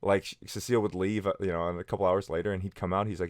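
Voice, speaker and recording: A man's voice: deep voice, fairly even intonation, rapid-fire, no room sound, studio quality. A man in his thirties telling personal stories casually to camera, rambling with many fillers and restarts. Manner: acts out friends' lines in quoted voices. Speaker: vlogger.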